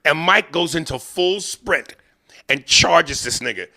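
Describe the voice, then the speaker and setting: A man hosting a podcast, telling profane, animated comic stories and acting out the people in them. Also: fairly high pitch, slow pace. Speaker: podcast host. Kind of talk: comedic storytelling.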